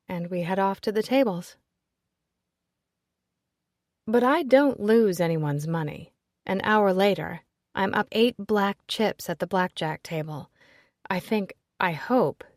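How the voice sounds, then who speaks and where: A woman narrating a first-person romance audiobook in an expressive storytelling voice. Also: medium pitch, dry recording, clean studio sound.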